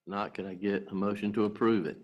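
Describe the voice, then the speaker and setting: Deep-voiced man chairing a board vote. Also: breathy edge. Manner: brisk procedural calls for motions and votes. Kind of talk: chairing a public meeting vote.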